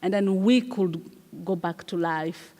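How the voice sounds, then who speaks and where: A woman from Rwanda, a guest playwright and performer, talking in an interview with frequent pauses and repeated words. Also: on the low side, dark tone. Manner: halting, repeats words, earnest. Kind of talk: conversational interview. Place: festival hall stage. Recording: long reverb of a live festival hall.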